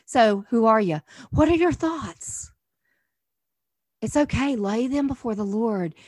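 A middle-aged woman minister giving an earnest teaching sermon, asking many rhetorical questions and swinging from soft to emphatic. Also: high voice, no echo, studio quality.

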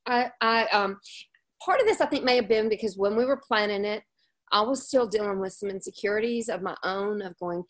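A woman hosts a casual Christian chat with a slightly high voice. She gushes with encouragement and often restarts her sentences. Her laughs break in easily. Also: a little fast. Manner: effusive and encouraging, with spontaneous laughs; speaks in rambling restarts. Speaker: host of a Christian women's ministry challenge.

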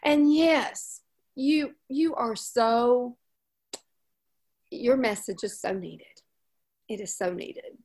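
A woman hosting a casual Christian women's ministry chat, effusive and encouraging, with rambling restarts and warm laughs. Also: a little high, animated, drawn-out words, pauses often, breathy edge.

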